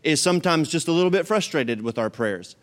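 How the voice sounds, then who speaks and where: A male pastor delivers a sermon in a fairly high voice. He talks conversationally and drives each point home by repeating it. His energy rises on the key phrases. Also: animated, fairly quick. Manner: emphatic, repetitive, conversational.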